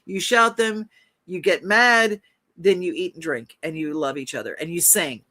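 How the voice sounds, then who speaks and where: A woman's voice: lowish voice, moderate pace, sharp tone. A woman co-hosting a podcast, talking enthusiastically in casual chat about travel and upcoming plans. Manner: enthusiastic, promotional. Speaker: podcast co-host.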